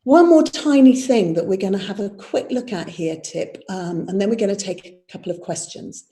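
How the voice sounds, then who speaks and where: A woman's voice: mid-range voice, expressive, normal speed, warm tone. A woman, a theatre director leading a live online workshop, explaining verse and tapping out its rhythm aloud. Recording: roomy echo.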